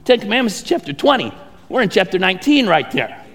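Conversational pastor with a high, gravelly voice. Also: male voice, quick pace, in a large hall. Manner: conversational, animated storytelling with many restarts. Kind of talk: sermon.

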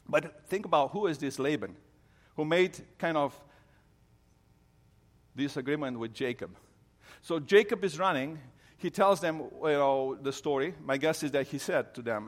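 Preacher in a reverberant hall. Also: male voice, on the high side, normal speed, long pauses. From Romania. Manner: earnest storytelling with frequent restarts. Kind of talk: sermon on a Bible story.

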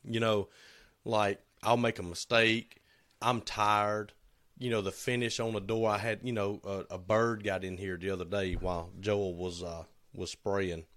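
A middle-aged man chats casually about work on a shop podcast. His voice sits a bit low, and he tells stories with quick quoted bits and laughs. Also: flat delivery, fairly bright tone. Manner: storytelling, acts out quotes with laughs. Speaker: podcast co-host.

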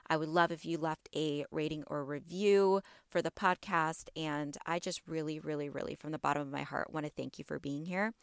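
A woman's voice: sits low, a bit bright, clean tone, no room sound, clean studio sound. A woman hosting a wellness podcast, speaking encouragingly and directly to her listeners. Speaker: podcast host.

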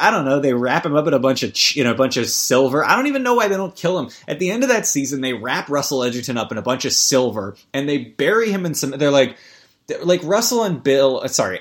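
A man hosting a podcast in a rambling, stammering comic rant full of swearing and restarts. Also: medium pitch. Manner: rambling, stammering, profane, jumps to mock ad reads. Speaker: podcast host. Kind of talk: rambling comedic podcast chat.

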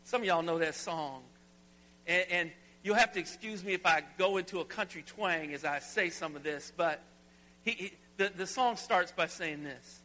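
A middle-aged pastor from Alabama preaching a sermon in a large church, folksy and conversational, rising to emphatic preaching. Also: male voice, fairly high pitch, normal speed, pushed and bright, a little hiss or hum. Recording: long hall reverb.

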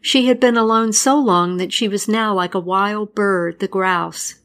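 A woman narrating a folktale and its history in a measured, deliberate scripted style. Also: mid-range voice, fairly bright tone. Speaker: storyteller.

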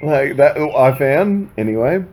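A man's voice: medium pitch, lively intonation, measured pace, a little mellow. A man co-hosting a casual podcast chat about a film, full of wry jokes and teasing asides. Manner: wry, jokey asides, swoops his voice widely. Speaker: podcast co-host.

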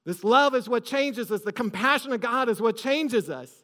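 A man's voice: very high-pitched, lively intonation, normal speed, sharp tone. A man preaching a sermon to his church with rising emphasis, recorded in a large hall. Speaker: pastor.

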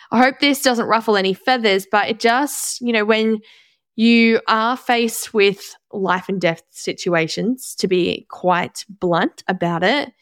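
Woman in her twenties, chatty and blunt, smooth voice, dry recording. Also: fairly high pitch, fairly bright tone, no echo. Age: 20s. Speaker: podcast host. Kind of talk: casual solo podcast monologue.

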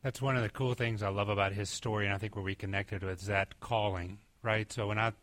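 A man serving as pastor and host, interviewing a guest with open enthusiasm. His voice is bright and forceful. The sound is dry, with no room echo. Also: on the low side, fairly even intonation, fairly quick. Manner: enthusiastic, conversational. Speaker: pastor hosting. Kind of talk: church interview.

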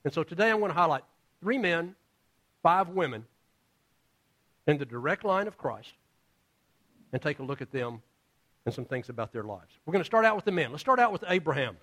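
A man's voice: fairly high pitch, sing-song, brisk, pauses often, a bit bright. A male pastor preaching a sermon in a casual, storytelling way, acting out the characters in his stories. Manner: casual, storytelling with acted-out voices.

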